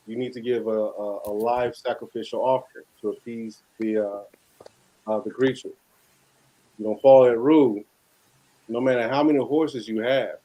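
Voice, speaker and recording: A man's voice: medium pitch, dark tone, a little hiss or hum, poor audio. A man on a discussion panel, rambling through a point with many fillers.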